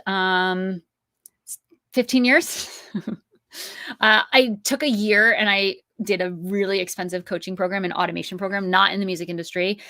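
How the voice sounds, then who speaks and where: A woman's voice: lowish voice, creaky, a bit bright, no echo, clean studio sound. A woman in her thirties hosting an online course, teaching in a chatty, upbeat way with many asides and fillers. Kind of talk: live-streamed teaching with Q&A.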